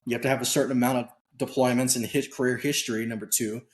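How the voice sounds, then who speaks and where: Guy on a podcast telling a war story, casual and blunt, mid-pitched voice, acts out what people said. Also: fast talker. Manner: animated storyteller who acts out quoted dialogue; candid, casual, occasionally swears. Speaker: podcast guest.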